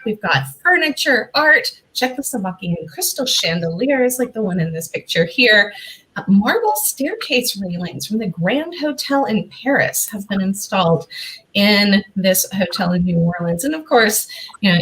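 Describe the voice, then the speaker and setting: A woman hosting a talk show, telling a haunted history story with lively, playful asides. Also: medium pitch, low-quality recording. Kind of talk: hosting a history and mystery segment.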